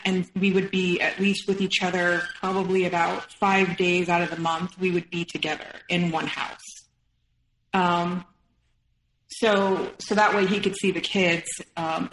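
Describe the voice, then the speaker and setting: This thirties-aged woman is a guest on a podcast, emotionally recounting something from her own life and voicing others' words in a quick retelling. She speaks in a lowish, somewhat bright voice. The audio is low quality, reverberant, with a bit of hiss or hum.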